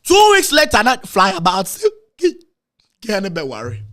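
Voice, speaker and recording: Emotional high-voiced Ghanaian man. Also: huge pitch swings, normal speed, pushed and bright. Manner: emotional, repetitive, with dramatic pitch swings. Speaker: guest telling a personal story. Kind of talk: emotional storytelling, switching between Twi and English.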